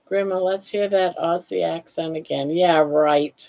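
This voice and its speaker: Through a muffled recording comes a gravelly, lowish voice with fairly even intonation. The speaker, an older woman hosting a casual livestream, reads viewers' comments aloud in a chatty, folksy manner, slowly stretching out their names.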